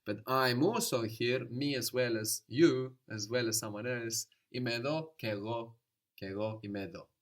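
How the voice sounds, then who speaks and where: A man's voice: medium pitch, moderate pace. A man teaching a language lesson, patiently explaining and prompting his student.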